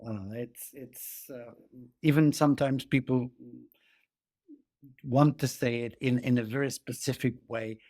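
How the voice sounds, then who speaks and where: Man, host, mid-range voice, gentle, hesitant, dry close sound. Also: mid-range voice, steady tone, no echo. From born in Belgian Congo. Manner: gentle and halting, trails off softly. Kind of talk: casual conversation.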